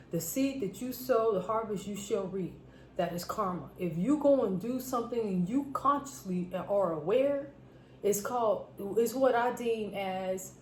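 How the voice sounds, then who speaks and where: A food vlogger with a fairly high, darkish voice tells stories to camera in a casual vlog. She speaks emphatically, repeating phrases for stress, and the recording has a roomy echo with faint background noise.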